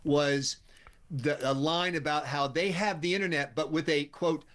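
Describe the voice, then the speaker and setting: A man's voice: on the high side, steady tone, normal speed, fairly bright tone. A man appearing as a political commentator on a radio show, speaking emphatically and sarcastically. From United States. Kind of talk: talk radio interview.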